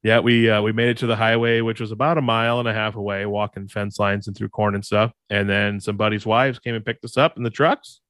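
Podcast co-host, male, low voice, dry close sound, rambling storyteller. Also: little pitch movement, fairly quick, hardly any pauses, a bit bright, no room sound. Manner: rambling, laughs at own story. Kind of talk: casual storytelling.

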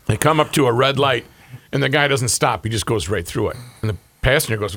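A man co-hosting a casual chat, telling family stories and jokes with animated delivery. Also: medium pitch, quick pace, gravelly. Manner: animated storyteller who acts out punchlines.

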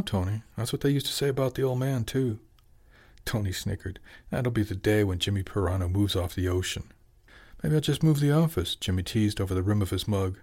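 A man reading a novel aloud as narrator, even in his storytelling and lifting his voice for the characters' lines. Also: on the low side. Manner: even storytelling, lifts into dialogue. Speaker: audiobook narrator. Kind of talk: scripted narration.

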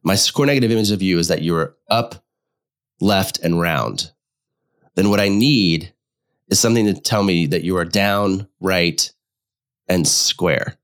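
Low-voiced guy musing on couples therapy, stops and restarts a lot, bit under the weather. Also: fairly bright tone, clean tone. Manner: thoughtful, halting, restarts phrases while explaining. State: slightly unwell. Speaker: couples therapist, podcast co-host. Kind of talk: casual podcast discussion.

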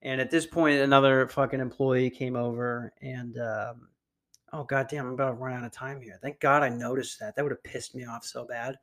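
A man's voice: medium pitch, flat delivery, moderate pace, a bit bright. A young man hosting a solo podcast, rambling and profane with many restarts and fillers, recorded on a computer mic. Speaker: podcast host. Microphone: computer mic on a video call.

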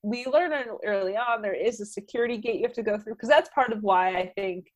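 A woman co-host walks through a movie's plot in a loose, rambling way, leaning on "um" and "like" as she goes. Her pitch sits at an ordinary middle height for a woman, and the talk stays relaxed and conversational. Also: a little fast, no room sound. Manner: rambling, filler-heavy plot recap. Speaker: podcast co-host recapping a film. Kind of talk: casual chat.

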